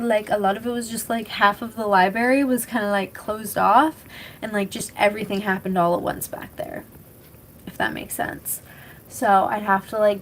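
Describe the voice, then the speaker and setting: A woman's voice: on the high side, a little hiss or hum, rough recording. A young woman from British Columbia, streaming and chatting casually with her chat, rambling with lots of fillers and casual swearing. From British Columbia, Canada. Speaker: live streamer.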